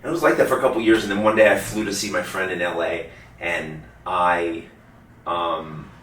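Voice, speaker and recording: A man's voice: low voice, steady tone, moderate pace, a bit bright, roomy sound, distant mic, slight background noise. A man telling a story as an interview guest, rambling and casual, full of "like" and the odd curse. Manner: rambling, heavy use of "like", swears casually.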